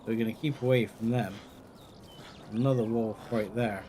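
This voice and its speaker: A man giving let's play commentary, chatting calmly and then yelling in panic. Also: fairly low pitch, normal speed, a little hiss or hum. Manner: excitable, swings from calm chatter to yelling in panic. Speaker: gaming video creator.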